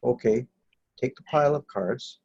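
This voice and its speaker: A man's voice: medium pitch, normal speed, darkish tone, slightly rough, dry recording, dull audio. A man in a casual group session, teasing the others and explaining how to read cards. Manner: teasing, explains card-reading. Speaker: workshop participant.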